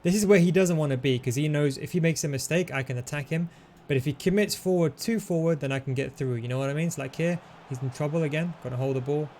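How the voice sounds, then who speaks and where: A man hosting a gaming tutorial, talking through his moves in a relaxed, coaching way as he plays. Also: fairly high pitch, quick pace, slight background noise. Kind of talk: commentary over gameplay.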